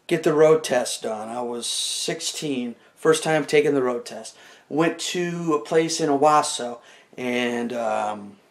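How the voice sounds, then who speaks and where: A young man talks straight to the camera in a loose, rambling stand-up style, acting out the moves as he goes. His voice sits at an ordinary middle pitch, and he keeps filling gaps with "like" and "you know". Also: creaky. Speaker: comedian telling a story to camera. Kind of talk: casual stand-up storytelling.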